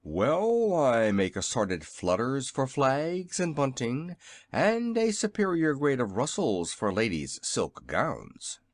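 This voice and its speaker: A man's voice: medium pitch, sing-song, takes it slowly, no room sound. A man voicing a very old, polite male inventor in a storybook reading, with a courtly, eager manner. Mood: earnest.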